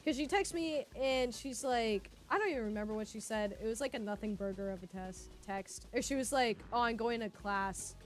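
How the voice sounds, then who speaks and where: A woman in her twenties telling a casual story on stream, animated and full of fillers. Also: a little high, fairly quick, hardly any pauses. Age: 20s. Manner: animated, filler-heavy, laughs often.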